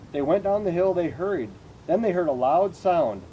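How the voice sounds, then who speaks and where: Animated man reading a picture book. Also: high voice, normal speed, hardly any pauses, muffled recording, a little hiss or hum. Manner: expressive, animated storytelling. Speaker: reader.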